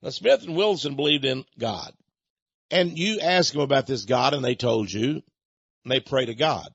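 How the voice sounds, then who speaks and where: A man's voice: medium pitch, lively intonation, moderate pace, gravelly, husky, no echo, highs cut off. A man hosting a radio show, talking in an emphatic, mocking, storytelling monologue. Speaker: radio host.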